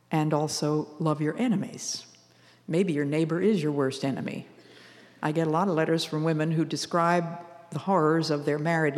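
A woman's voice: sits low, a little mellow, big-room sound. Older woman giving an earnest devotional talk. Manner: earnest, measured, quotes scripture. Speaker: radio devotional speaker.

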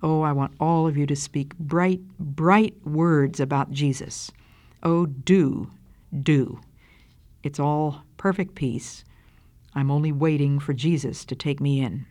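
A woman reading the words of a dying woman, calm and joyful in her faith, in a soft voice. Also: low voice, slow pace. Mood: serene.

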